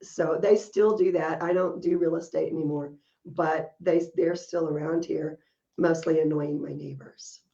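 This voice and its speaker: A woman's voice: deep voice, steady tone, a little slow, creaky, warm tone, lo-fi sound. A woman co-hosting a podcast, telling stories in casual chat and laughing often as she talks. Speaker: podcast co-host.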